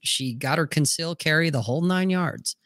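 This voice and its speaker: A man hosting a casual talk show, telling stories in a profane, animated way. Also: a little high, brisk, no echo, clean studio sound. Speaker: podcast host. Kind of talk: casual storytelling chat.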